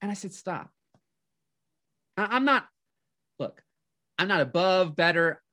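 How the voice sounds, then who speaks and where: Bright, fired-up male life coach. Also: high voice, moderate pace. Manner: energetic, excitable, frequent restarts. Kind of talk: motivational talk with personal storytelling.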